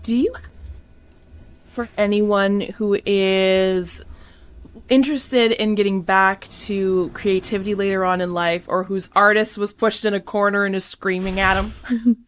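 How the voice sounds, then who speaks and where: A woman hosting an interview podcast who asks her guest questions and thanks her warmly at the close. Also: mid-range voice, fairly even intonation, unhurried. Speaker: podcast host.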